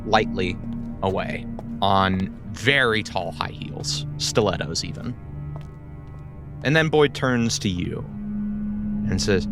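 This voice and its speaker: A man, the game master, narrating a tabletop game in a slow, descriptive way. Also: on the low side, lively intonation, creaky, music in the background.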